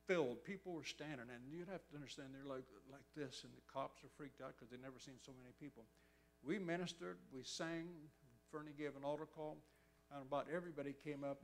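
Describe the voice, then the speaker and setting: A man preaching a sermon, telling a story and acting out the voices of the people in it. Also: on the high side. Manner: animated, acts out quotes with a raised excited voice. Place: church.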